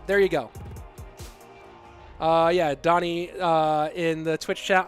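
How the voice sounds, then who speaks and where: High-voiced excitable male esports caster. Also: takes it slowly, pauses often, faint music behind. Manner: excitable, rambling, chatty asides. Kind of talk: live esports commentary with chat reading.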